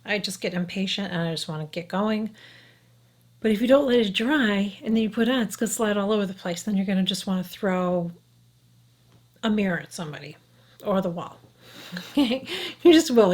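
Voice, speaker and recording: A frank, chatty woman in her fifties walks viewers through a makeup tutorial. She talks while she works at her mirror and keeps asking "okay?" as she goes. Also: mid-range voice. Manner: talks while applying makeup, sometimes drops to a whisper. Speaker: beauty vlogger.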